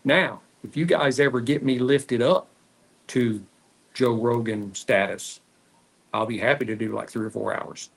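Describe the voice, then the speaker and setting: Texan guy with a gravelly voice, laid-back rambling podcast chat, lots of uh's. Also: medium pitch. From Texas. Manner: rambling, relaxed, frequent "uh" pauses. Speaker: cigar podcast host. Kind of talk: casual solo chat while smoking.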